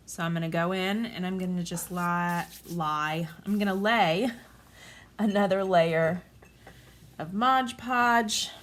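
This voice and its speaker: A woman in her forties talking through a craft tutorial at home in a gentle, calm, chatty way. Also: lowish voice. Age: 40s. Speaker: craft vlogger.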